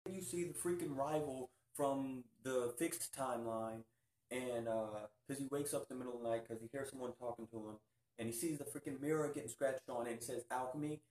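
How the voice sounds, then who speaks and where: A man hosting a casual TV review vlog, talking excitably and peppering his speech with "freaking.". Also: medium pitch, brisk. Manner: excitable, keeps saying "freaking". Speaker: YouTube reviewer. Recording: roomy echo.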